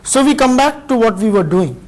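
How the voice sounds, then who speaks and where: A man with an Indian English accent giving a measured university lecture, explaining step by step with pauses between phrases. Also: extremely high pitch, very animated, low-quality recording. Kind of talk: recorded classroom lecture.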